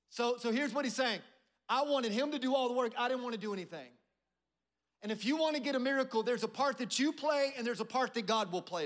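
A man's voice: extremely high pitch, fairly bright tone. A middle-aged male pastor preaching a sermon, prompting the congregation to answer and acting out a proud general's complaints. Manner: preaching with call-and-response prompts.

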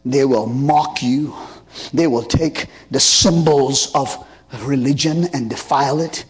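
Casting: a preacher playing Satan as a relentless male prosecutor, husky and slow, stacking up the charges. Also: medium pitch. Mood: accusing. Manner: accusing, listing charges one after another.

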